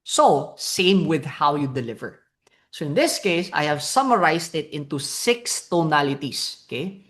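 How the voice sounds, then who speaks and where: A woman's voice: big pitch swings, measured pace. A woman with a Filipino accent teaching sales tonality as a coach, switching into Tagalog and acting out example lines. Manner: switches to Tagalog mid-sentence, acts out sample lines with swings in pitch. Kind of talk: coaching lesson.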